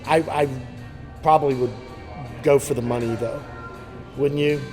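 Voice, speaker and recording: A man's voice: medium pitch, fairly even intonation, normal speed, music in the background, rough recording. A man who tells jokes in a dry, hesitant way during a casual interview. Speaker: comedy student.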